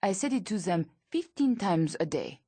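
A woman's voice: on the low side, sing-song, normal speed, dark tone, slightly rough, no room sound, exaggerated voice. A woman voicing an emphatic mother of three.

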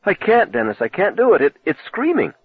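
A man's voice: mid-range voice, a little fast, slightly rough, dry recording, voice pushed up, lightly acted. Audiobook figure: a tearful, frightened young woman, voiced by a man in a raised register; breathless and pleading; tinny, dry, phone-like sound. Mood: panicked. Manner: breathless, pleading, rising to panic.

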